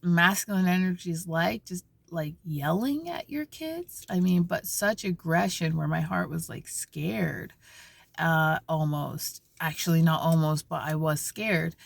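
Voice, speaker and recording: A woman vlogging from a parked car, telling a story in an animated, conversational way with many restarts and asides. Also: on the low side, measured pace, gravelly, dry recording. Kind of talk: casual spiritual vlog talk.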